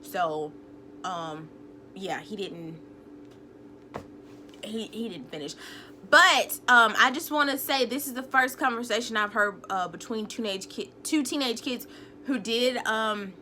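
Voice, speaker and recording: A woman's voice: fairly high pitch, measured pace, pushed and bright, a little hiss or hum. A young woman, casually recapping a TV episode in a sassy, chatty way. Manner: chatty, sassy, retells scenes acting out quotes. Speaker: TV recap vlogger.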